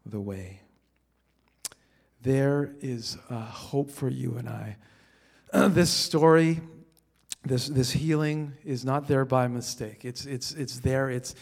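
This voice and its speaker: A pastor with a mid-range voice preaches conversationally, often repeating words as he begins a sentence. He moves between quiet scripture reading and emphatic peaks.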